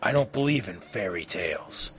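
A man voicing a sneering male dream demon who taunts in a slow, low growl. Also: lively intonation, fairly bright tone. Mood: taunting.

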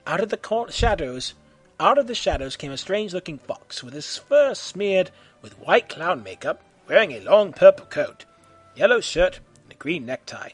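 Brief: male storyteller, husky, high, lively delivery. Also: moderate pace, faint music behind. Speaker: narrator. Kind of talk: amateur audio story narration.

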